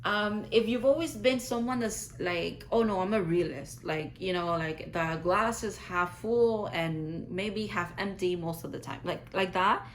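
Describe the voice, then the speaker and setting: A woman's voice: medium pitch, measured pace, hardly any pauses, slight background noise, poor audio. A woman giving a casual, rambling tarot reading to her viewers, full of "like" fillers and effusive reassurance. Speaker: tarot reader.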